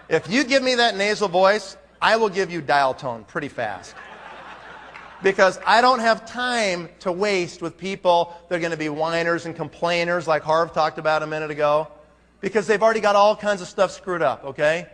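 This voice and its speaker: A man's voice: a little high, lively intonation, moderate pace, a bit bright. A man giving a motivational talk at a conference, emphatic and firing rhetorical questions at the crowd. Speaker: conference speaker. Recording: long hall reverb.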